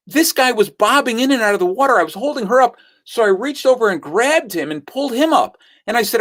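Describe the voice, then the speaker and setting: Lively storytelling man. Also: high voice, brisk, hardly any pauses. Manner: animated storyteller who acts out the quotes. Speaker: guest speaker on sales. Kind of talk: storytelling talk.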